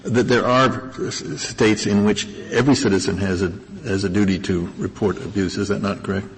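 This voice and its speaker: A man on the bench puts questions to a lawyer, stumbling and restarting as he goes. His voice is fairly low. The archival courtroom recording has a long, lingering reverb. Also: steady tone, a little hiss or hum. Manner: halting, stammering questions. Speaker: judge questioning counsel. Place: large courtroom.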